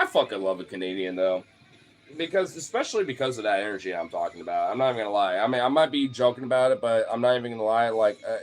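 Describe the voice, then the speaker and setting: Man ranting casually, profane and loose. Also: medium pitch. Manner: profane, loose, filler-heavy with frequent laughs. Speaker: streamer talking to followers. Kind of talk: casual rambling rant.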